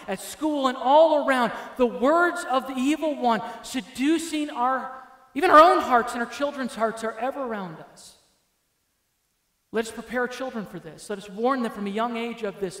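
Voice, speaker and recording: A man's voice: extremely high pitch, fairly bright tone. A male pastor preaching a sermon emphatically, his voice rising and falling for emphasis. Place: church sanctuary. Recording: echoey church hall with long reverb.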